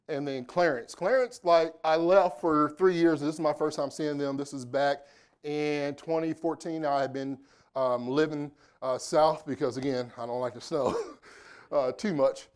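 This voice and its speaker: In a conference room, a keynote speaker from Indianapolis, United States, a man in his forties, gives a live motivational talk, chatting and trading jokes with the audience. His voice is a little high and a little mellow.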